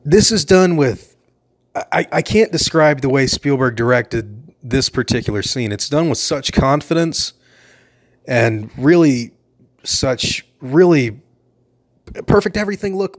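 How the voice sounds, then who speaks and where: An excited man talks over a movie in a relaxed, chatty way. He laughs a lot as he goes and gushes about each shot in an easy, mid-pitched voice. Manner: enthusiastic, chatty, laughs often. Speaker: film commentator. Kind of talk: casual film commentary.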